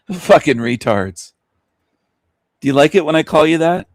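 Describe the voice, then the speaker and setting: A man's voice: a little high, lively intonation, slow, dry recording. A man hosting an online radio show, ranting scornfully at his listeners with mocking laughs and rhetorical questions. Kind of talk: scornful solo rant.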